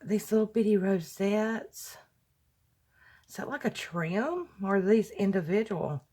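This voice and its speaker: A woman, a crafting vlogger opening happy mail and gushing softly over each item. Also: mid-range voice, animated. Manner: gushing, slow and soft-spoken. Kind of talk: casual unboxing chat.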